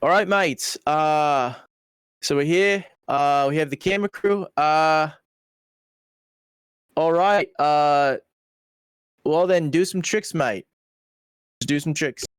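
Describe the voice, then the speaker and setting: A man's voice: fairly high pitch, slow pace, pauses often, clear, resonant tone, dry recording. A man imitating a pushy Australian male crew boss with an Australian accent, repeating blunt orders. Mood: insistent. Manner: repetitive, blunt urging.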